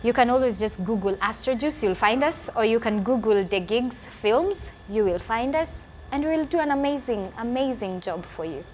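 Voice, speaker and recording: A woman's voice: fairly high pitch, lively intonation, normal speed, few pauses, darkish tone, a little hiss or hum. Earnest woman in her twenties. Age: 20s. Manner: emotional, earnest, repeats phrases for emphasis. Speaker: guest. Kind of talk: personal testimony interview.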